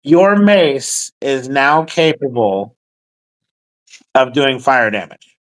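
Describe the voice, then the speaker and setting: A man's voice: medium pitch, sing-song, slow pace, fairly bright tone, low-quality recording. A man running a tabletop game as dungeon master, laid-back and casually swearing.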